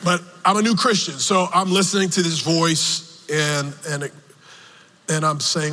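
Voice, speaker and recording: A man preaching a sermon, telling a personal story slowly with emotional swings, from the pulpit of a church. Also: on the high side, level tone, bright, forceful tone. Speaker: pastor. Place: church sanctuary. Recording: long reverb of a large hall.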